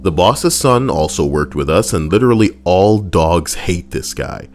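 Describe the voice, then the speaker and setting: A man's voice: deep voice, expressive, measured pace, a little mellow, faint music behind. A man casually reading online stories aloud on a live stream, swearing freely, laughing and breaking off to riff between lines.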